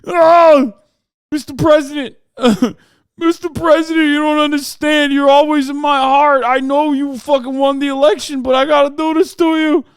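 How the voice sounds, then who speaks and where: A man voicing a burly male cop with a New York accent, blubbering loud, profane apologies. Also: very high voice, level tone, normal speed, dry recording, pitched above the performer's own voice. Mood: sobbing apology.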